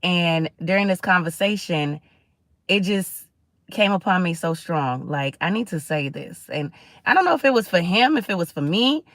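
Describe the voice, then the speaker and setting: A woman's voice: on the low side, lively intonation, moderate pace, fairly bright tone, no echo, clean studio sound. A middle-aged woman hosting a casual livestream, talking in a chatty, preachy way and greeting viewers. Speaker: livestream host.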